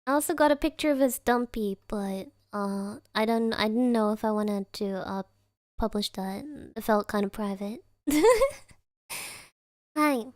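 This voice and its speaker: A woman's voice: mid-range voice, measured pace, no echo, clean studio sound. A young woman streaming from home, giggling and rambling as she chats casually with her live chat and reads their messages aloud.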